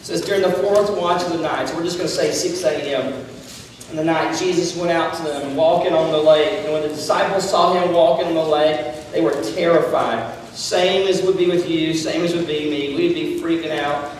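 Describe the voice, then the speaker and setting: A man preaching a lively sermon as a youth pastor, telling the story animatedly and acting out the dialogue. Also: on the high side, moderate pace. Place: large echoey meeting hall. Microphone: distant room mic. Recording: echoey hall from far off, faint noise.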